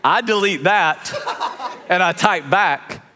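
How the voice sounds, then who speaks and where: A man preaching a sermon as a pastor, telling a family story in a chatty, lively way with many fillers and restarts. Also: high voice, takes it slowly, a crowd in the background, background noise. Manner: lively storyteller, laughs along.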